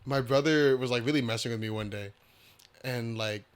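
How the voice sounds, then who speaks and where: A young man co-hosting a casual podcast, telling a story hesitantly with many fillers and getting excited as it builds. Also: medium pitch, normal speed, clean tone. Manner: hesitant, full of fillers, excitable when recounting. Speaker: podcast co-host.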